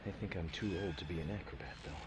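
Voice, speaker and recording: A man voicing a deep, weary older agent in a mystery game. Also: rapid-fire, noisy background, close to an everyday voice. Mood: dry. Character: weary older male agent, dry and calm. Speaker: video game character.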